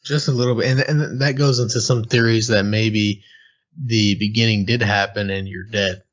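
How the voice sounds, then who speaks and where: A man's voice: on the low side, steady tone, moderate pace, a bit bright, highs cut off. A man co-hosting a casual game review podcast, mostly chiming in with short, laid-back replies. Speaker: podcast co-host.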